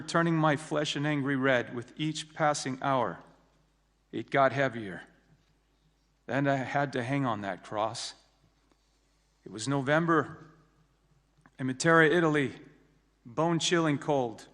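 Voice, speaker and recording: A man giving a personal faith testimony speech to an audience, telling his story and slowing down to stress key words. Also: on the high side, a bit bright. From United States. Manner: storytelling, slows down for emphasis. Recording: long reverb of a large hall.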